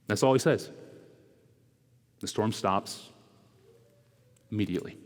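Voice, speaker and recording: A male preacher giving a conversational sermon, tossing in rhetorical asides and swinging between loud, quick bursts and hushed, slow lines. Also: on the low side. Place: church sanctuary. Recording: echoey church hall.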